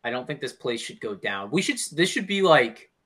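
Bright-voiced young man thinking aloud. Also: mid-range voice, very animated, breathy edge. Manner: halting, restarts sentences while thinking aloud. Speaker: co-host. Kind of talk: casual brainstorming chat.

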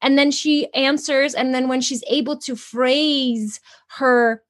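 A woman's voice: high voice, steady tone, slow. A woman parenting coach, a guest in an interview, explaining earnestly with examples from her own home. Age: adult mother. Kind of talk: interview answers.

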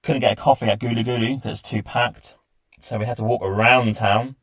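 A man's voice: medium pitch, steady tone, brisk, fairly bright tone, no room sound. A man hosting a travel podcast, telling his trip in a chatty, enthusiastic way. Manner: chatty, enthusiastic recounting with lists. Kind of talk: casual travel diary narration.

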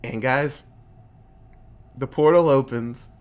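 A man in his thirties chatting casually about movies, animated and profane, jumping into character voices. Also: takes it slowly. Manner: animated, profane, acts out characters with big pitch jumps. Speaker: podcast co-host. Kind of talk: casual movie review chat.

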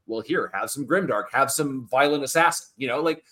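A man, a guest author on a video call podcast, speaking in an emphatic, motivational and animated way. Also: medium pitch, brisk. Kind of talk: casual podcast interview over video call.

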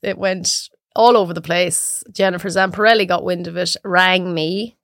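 An Irish woman chatting as a podcast guest, telling lively stories and acting out her own reactions. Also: on the low side, moderate pace, no room sound, studio quality. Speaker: guest cook. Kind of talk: casual chat.

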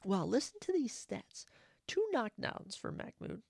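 A man's voice: high voice, very animated, a little slow, creaky, husky, no echo, studio quality. A man hosting a podcast, giving a casual solo fight recap in a rambling, opinionated way and often correcting himself. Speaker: podcast host.

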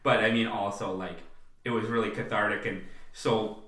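A man co-hosting a podcast, chatting casually and acting out film lines in a high voice. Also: steady tone, normal speed, a bit bright. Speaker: podcast co-host. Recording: roomy, distant mic.

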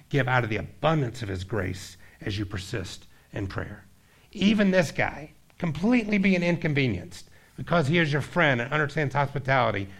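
A male pastor preaching a sermon, telling a story and acting out its characters, then dropping low and quiet to press his point. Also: creaky. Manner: storytelling, acts out voices, drops low and quiet for emphasis.

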